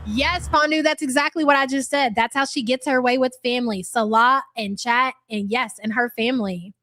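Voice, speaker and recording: Brief: young woman, fairly high voice, blunt and profane reaction-stream host. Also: steady tone, normal speed, sharp tone. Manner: blunt, swears freely. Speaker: livestream host. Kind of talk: live reaction commentary.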